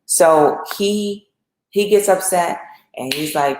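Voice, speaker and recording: A woman talks through a lesson like an informal sermon, chatty and animated as she acts out little asides. Her voice sits on the low side. The room around her is noticeably echoey. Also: a little slow, a little hiss or hum. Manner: conversational, animated storytelling with acted asides. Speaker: host and speaker. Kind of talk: informal sermon-style teaching.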